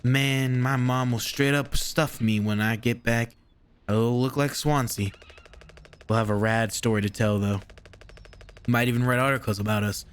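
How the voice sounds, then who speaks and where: A man's voice: medium pitch, fairly even intonation, unhurried, clean tone, lightly acted. A man voicing an easygoing young male crewman in a game, talking in a laid-back, slangy way. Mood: chatty.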